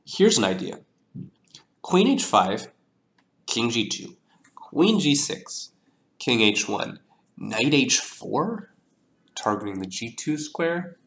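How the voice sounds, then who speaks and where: A man's voice: medium pitch, big pitch swings, fairly bright tone. A man thinking aloud as he works through chess moves, muttering and mocking himself, with a cough now and then. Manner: slow, muttering, self-deprecating. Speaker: chess streamer analyzing a position.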